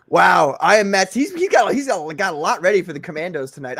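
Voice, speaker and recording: A man's voice: high-pitched, expressive, a little fast, vocal fry, a bit bright, breathy edge. Laughing male livestream host. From Maryland. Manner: jokey, laughs often, reads chat aloud. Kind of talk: casual livestream chat.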